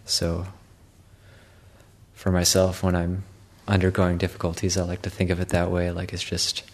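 A man speaks as a Buddhist monk offering a Dharma talk. His voice sits low and stays fairly even, with little rise or fall. He halts often and repeats words as he feels for each thought. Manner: halting, repeats words, many fillers.

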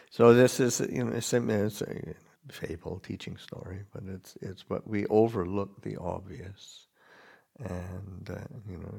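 A Buddhist monk gives a dharma talk in a deep, gravelly voice with plenty of fry. He speaks gently and haltingly, pausing and restarting his phrases. His voice is very husky and rough.

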